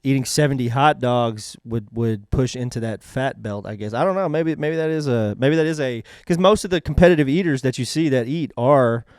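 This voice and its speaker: Musing, smooth-voiced male co-host. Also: medium pitch, brisk, few pauses, darkish tone, no room sound, clean studio sound. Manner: musing, hesitant, trails off. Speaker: podcast co-host. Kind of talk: casual chat.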